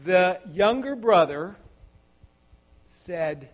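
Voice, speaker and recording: A middle-aged male preacher with a high voice, delivering a sermon at an unhurried pace. He is earnest and halting, often restarting phrases, and keeps turning questions on his listeners. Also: animated. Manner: halting, restarts and repeated words.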